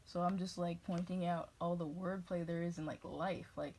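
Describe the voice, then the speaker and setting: A New England woman vlogger rambles through a casual monologue, hopping between tangents and cutting herself off mid-thought. Her voice sits on the low side, slightly mellow with a breathy edge, with fairly even intonation at a normal speed.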